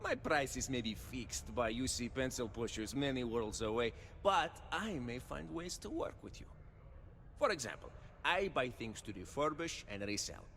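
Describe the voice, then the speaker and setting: Chatty space trader, unplaceable mixed accent, formal salesman charm, lively swinging pitch, long reverb tail. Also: moderate pace, slight background noise. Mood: friendly. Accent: unplaceable mix from life among ships. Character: chatty smooth-talking male space trader. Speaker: shopkeeper and trader. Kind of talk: video game dialogue.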